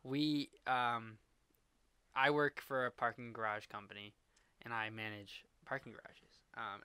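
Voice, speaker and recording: A man co-hosting a casual podcast, telling a workplace story in an animated way and acting out the quotes. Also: mid-range voice, smooth, dry recording. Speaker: podcast co-host.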